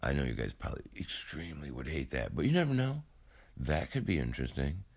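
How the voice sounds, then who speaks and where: A man's voice: rumbling low, big pitch swings, brisk, creaky, a little mellow. A man in his forties, just woken up, rambling to his viewers in a casual, self-deprecating vlog monologue. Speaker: YouTube creator.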